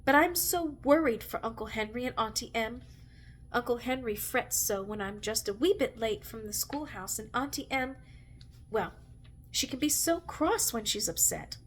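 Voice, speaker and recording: A woman's voice: a little high, lively intonation, normal speed, slight background noise, close to an everyday voice. A woman doing an earnest young girl. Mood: plaintive. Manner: earnest, plaintive.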